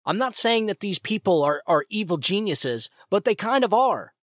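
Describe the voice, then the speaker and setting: A man's voice: sits high, animated, moderate pace, a bit bright, no echo, studio quality. A man hosting his own podcast, giving heated political commentary in an indignant, repetitive way and often calling his listeners "folks". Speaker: podcast host.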